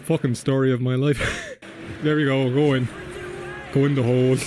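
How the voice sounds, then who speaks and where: A man's voice: mid-range voice, fairly even intonation, moderate pace. A man with an Irish accent, commenting casually and sarcastically while playing a video game, with plenty of swearing. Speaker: game streamer. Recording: noisy background.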